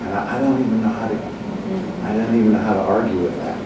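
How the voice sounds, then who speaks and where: A man's voice: lowish voice, fast talker. A man telling a personal story in a casual chat, rambling and correcting himself as he goes. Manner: rambling, self-correcting, animated when quoting others. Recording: echoey room from far off with noise.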